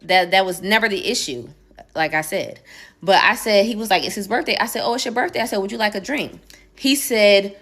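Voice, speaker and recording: A woman telling a dating story in an animated, emphatic way. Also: medium pitch, a little fast. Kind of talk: storytime video.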